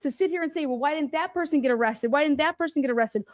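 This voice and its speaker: A woman's voice: high voice, rapid-fire, dry recording, studio quality. A woman giving angry, profane commentary on a court case, firing rhetorical questions straight at the people she talks about. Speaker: commentary host.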